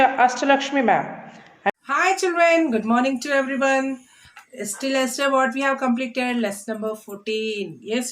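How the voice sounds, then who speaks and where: A woman teacher with an Indian English accent giving a recorded class lesson, coaxing the children with repeated questions and drilling words in a sing-song way. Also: sits high. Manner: repetitive, coaxing, keeps addressing the children with questions.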